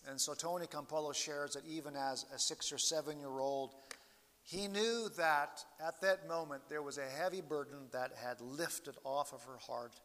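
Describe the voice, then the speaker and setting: A man preaching a sermon as pastor, slow and earnest, his voice swelling and falling in loudness as he stresses each point. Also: a little high. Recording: long hall reverb.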